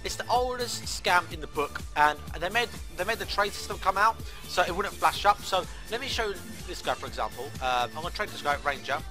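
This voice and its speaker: A young man streaming a game, excitedly telling stories in a casual, swearing manner and acting out the voices of people in them. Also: high voice, fairly quick, hardly any pauses, over music. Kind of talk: casual storytelling while playing a game.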